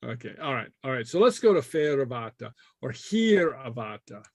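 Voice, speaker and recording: A man leads a relaxed class, stopping often on "uh" and chuckling between his points. His voice sits in a middle range and sounds dry and close to the mic, with no room around it. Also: mid-range voice, normal speed, no room sound. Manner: hesitant, many fillers and chuckles. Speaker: Gaelic teacher. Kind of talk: casual online class.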